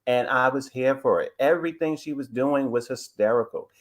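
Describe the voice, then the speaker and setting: A man's voice: mid-range voice, normal speed. A man calling in to a live show, giving rambling, gossipy commentary on a reality TV episode. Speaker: caller. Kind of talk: casual call-in commentary.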